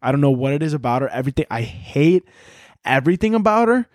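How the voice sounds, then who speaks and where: A man's voice: a little high, fast talker, dry recording, studio quality. A young man hosting a solo podcast with a sore throat, ranting profanely and animatedly as he tells stories. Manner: profane, animated storytelling, shouts when mimicking others. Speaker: podcast host. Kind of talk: solo comedic podcast rant.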